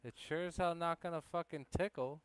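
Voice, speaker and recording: A man in the room making blunt, quiet side remarks. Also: on the high side, fairly quick, clear, resonant tone. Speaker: friend in the room.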